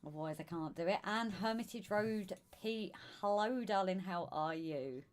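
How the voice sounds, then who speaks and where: A woman with a Southern English accent co-hosting a casual live stream, greeting viewers by name and calling them darling. Her voice is going hoarse. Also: mid-range voice, normal speed. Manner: chatty, calls viewers darling and sweetheart. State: losing her voice. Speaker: live stream co-host reading chat.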